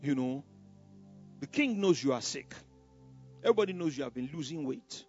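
A man voicing a scheming male friend who calmly coaxes with sly advice, in a Bible story told from the pulpit. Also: a little high, normal speed, pitched below the performer's own voice, close to an everyday voice. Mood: coaxing. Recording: dull lo-fi sound with faint music.

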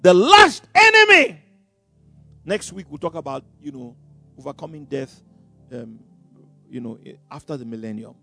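A man preaching a sermon. He is dramatic, bursts out loudly, chuckles between phrases, and stumbles over repeated words. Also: medium pitch, moderate pace, gravelly, slightly rough, dry recording, faint music behind.

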